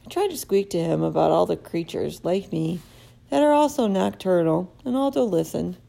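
A woman narrating a children's story in a lively, expressive storybook reading. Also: on the low side, moderate pace, creaky.

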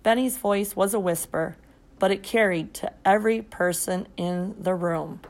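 A woman reading a children's story aloud in the first person, expressive and steady. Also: mid-range voice, normal speed. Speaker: audiobook narrator.

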